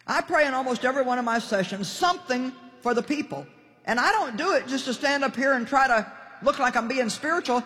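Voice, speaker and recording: A woman's voice: high-pitched, fast, fairly bright tone. Emphatic woman preaching in a big hall. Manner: emphatic, folksy, calls out to the crowd. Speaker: Bible teacher. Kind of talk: sermon to a live congregation. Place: large auditorium. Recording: long hall reverb.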